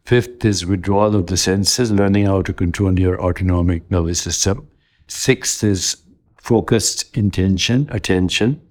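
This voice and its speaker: A man in his seventies with a very low, deep voice, answering interview questions as a guest. He speaks in a calm, measured way and works through his points one at a time, listing each in turn. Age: 70s. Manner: measured, lists ideas one by one. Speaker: interview guest, wellness author.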